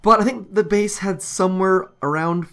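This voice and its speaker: A man's voice: high-pitched, moderate pace, fairly bright tone, clean tone. A man giving casual commentary over his strategy game, thinking aloud with frequent ums as he walks through his base. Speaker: gaming YouTuber.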